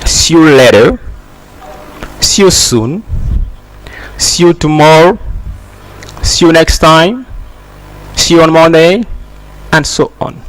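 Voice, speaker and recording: Male teacher, slightly high voice, slow and deliberate, repeats each phrase. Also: big pitch swings, fairly bright tone, rough recording. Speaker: English teacher. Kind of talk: slow spoken English lesson.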